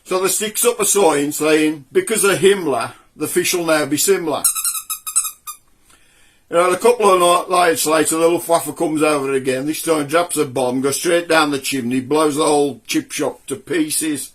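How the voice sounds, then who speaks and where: A man's voice: fairly high pitch, moderate pace, hardly any pauses. A man with a Black Country accent, hosting a comedy show and telling jokes in a chatty way. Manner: chatty joke-teller. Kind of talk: comic storytelling.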